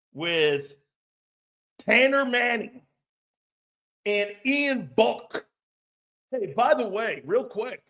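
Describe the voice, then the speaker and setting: A man with a high voice and an unhurried, drawn-out delivery hosts a loose sports talk show. He is rowdy and jokey, rambles from one point to the next, and breaks into laughter often. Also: fairly bright tone.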